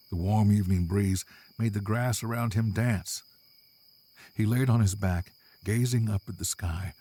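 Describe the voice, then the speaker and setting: Very deep-voiced male storyteller. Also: warm tone, slightly rough. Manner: measured, dramatic. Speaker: narrator. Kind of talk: scripted storybook narration.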